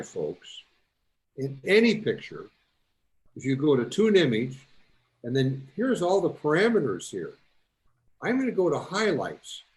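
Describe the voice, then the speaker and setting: A man presenting a photo-editing demo to a club in a folksy, instructive way. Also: fairly high pitch.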